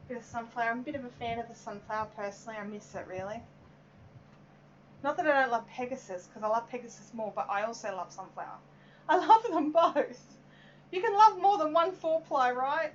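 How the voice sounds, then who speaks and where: A chatty Australian woman with a fairly high voice, rambling through a casual live craft stream. Her talk is full of little "um"s as she works and greets viewers. The audio is a bit dull and muffled, with faint hiss behind it. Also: fast talker. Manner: chatty and rambling, reading out viewer comments, many "um"s. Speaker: yarn dyer hosting a live stream. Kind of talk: casual live-stream chat while working.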